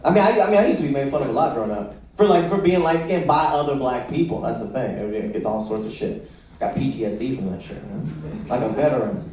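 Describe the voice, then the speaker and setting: A man doing a live stand-up set on a comedy club stage, crude and animated, laughing at his own jokes. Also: medium pitch, fast talker, a little hiss or hum. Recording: echoey club taped from far off, loud crowd. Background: audience laughter.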